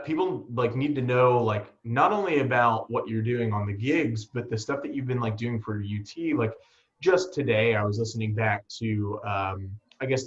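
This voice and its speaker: Man, low-pitched, laid-back host of a casual chat over a call. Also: lo-fi sound. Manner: relaxed, filler-heavy, chatty. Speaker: podcast host. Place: home, on a call.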